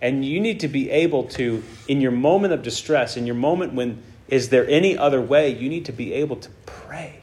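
Man, preacher, conversational sermon, informal teaching, reads scripture aloud, middle pitch. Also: fairly quick, few pauses, a little mellow. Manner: informal teaching, frequent "right?" check-ins. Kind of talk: conversational sermon on a Bible passage.

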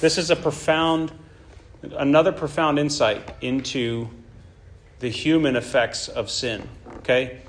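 A man's voice: on the high side, steady tone, a little slow, slight background noise. A man preaching a sermon in an emphatic way, often checking in with his listeners. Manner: emphatic, checks in with "right?" and "okay?".

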